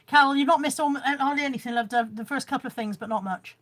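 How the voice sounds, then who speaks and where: A woman's voice: high voice, fast, fairly bright tone. A woman chatting casually on a live stream at home, showing her haul and reading out viewer comments. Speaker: vlogger. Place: room at home.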